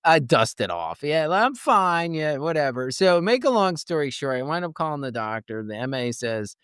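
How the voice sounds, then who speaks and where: A man in his fifties, a coach and former nurse, tells a personal story in a podcast interview, animated, loose and chatty, restarting often and acting out what other people said. His mid-range voice is smooth and moderately paced, recorded with studio quality and no room sound.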